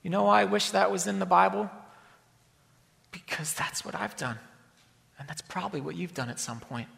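High-voiced male preacher in a reverberant hall. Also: moderate pace, creaky. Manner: dynamic, swings from loud emphasis to hushed near-whispers. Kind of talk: sermon.

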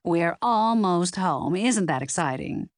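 Woman voicing a gushing middle-aged mother, loud, enthusiastic, lively pitch. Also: takes it slowly, dry recording, clean studio sound.

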